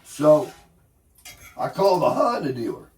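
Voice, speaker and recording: An American man, sick and congested with a hoarse voice, telling a rambling, grumbling story in a casual morning chat. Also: a little high, big pitch swings, slow pace, a little mellow. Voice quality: husky. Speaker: vlogger.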